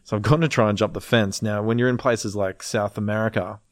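A man telling a wild story in casual chat, animated, swearing freely and laughing as he goes. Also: on the low side, brisk, dry recording, clean studio sound.

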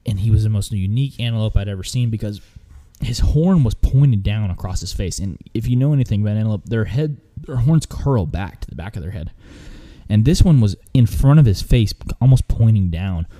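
Guy with a lowish warm voice just chatting thru a hunt story, kinda rambly, lots of ums. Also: animated, fairly quick. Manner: rambling, many fillers and restarts. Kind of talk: casual storytelling.

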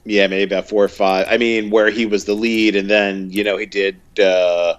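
A podcast co-host tells stories in a casual, meandering chat, packing his speech with fillers and doing impressions when he quotes people. His voice is fairly low, smooth, and flat in pitch, delivered at a normal speed.

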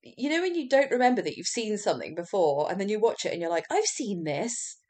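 This podcaster, a woman, chats her way through a true crime story, quick to laugh and occasionally swearing. Her medium-pitched voice has a darkish tone and big pitch swings.

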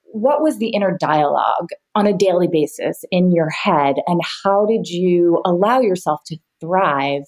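A woman's voice: fairly low pitch, measured pace, a little mellow. A woman hosting a podcast, asking the guest probing, affirming questions. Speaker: podcast host. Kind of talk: interview questions.

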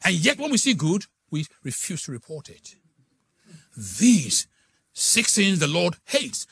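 A middle-aged male pastor preaching a sermon, swinging from soft, hushed asides to loud, dramatic exclamations. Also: high voice, sing-song, slow, gravelly, breathy edge.

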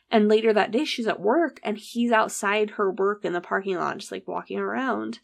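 Gravelly-voiced woman telling a story. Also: medium pitch, fairly quick, hardly any pauses. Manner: animated, acts out quoted dialogue, swears casually. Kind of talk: casual true-crime storytelling.

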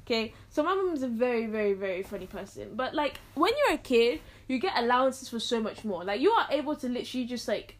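A high-voiced teenage girl chats alone as a podcast host. Her pitch leaps around as she jokes and acts out quotes from family. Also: fast talker, few pauses. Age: teens. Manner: animated, jokey, acts out quotes. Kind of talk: casual solo chat.

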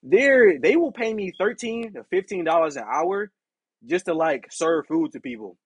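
A man hosting a podcast, telling a casual story in an animated, profane way and acting out the people in it. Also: high voice, moderate pace, breathy edge, no echo. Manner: animated, profane, acts out quoted exchanges. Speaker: podcast host.

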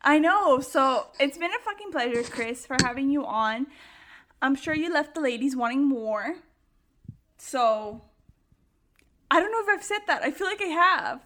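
A woman's voice: high-pitched, lively intonation, normal speed, a bit bright, slight background noise. A tipsy young woman hosting a podcast, chatting crudely and laughing a lot. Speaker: podcast host. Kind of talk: casual chat.

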